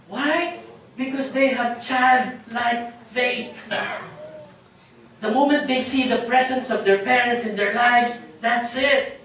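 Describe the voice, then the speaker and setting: A man with a Filipino accent preaching a sermon as pastor, animated and questioning his congregation, sometimes slipping into Tagalog phrases. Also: very high voice, slow pace, slight background noise. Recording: very echoey hall, distant mic.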